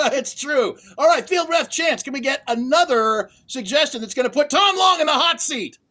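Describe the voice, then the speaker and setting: A man refereeing an online improv comedy match, chatty and quick to rule on the jokes, speaking over a video call. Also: very high voice, expressive, bright, forceful tone. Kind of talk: casual show hosting.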